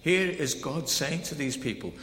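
A man preaching a sermon in a conversational, animated way, swinging between loud proclamation and soft emphasis. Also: on the high side, moderate pace. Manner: conversational, with many fillers like "kind of, like". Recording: echoey hall with faint background noise.

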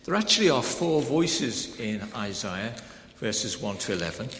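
A man preaching a sermon in a conversational, animated way, swinging between loud proclamation and soft emphasis. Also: medium pitch, measured pace. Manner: conversational, with many fillers like "kind of, like". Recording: echoey hall with faint background noise.

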